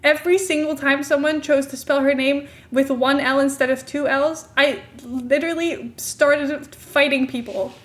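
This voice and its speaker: A woman's voice: high-pitched, fairly even intonation, moderate pace, hardly any pauses, fairly bright tone. A young woman streamer chatting casually, giggling often and poking fun at herself. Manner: giggly, self-mocking, chatty. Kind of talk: casual live-stream commentary.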